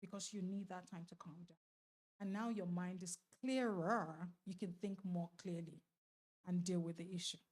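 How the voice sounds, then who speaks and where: A woman speaking at a church marriage seminar, lively and laughing often as she questions the audience directly. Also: fairly low pitch, normal speed. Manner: laughs often while talking.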